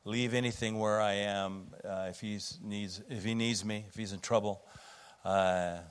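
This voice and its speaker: A man's voice: fairly low pitch, steady tone, measured pace, clear, resonant tone. A middle-aged man preaching a sermon as pastor, telling a family story in a conversational way with fillers and restarts.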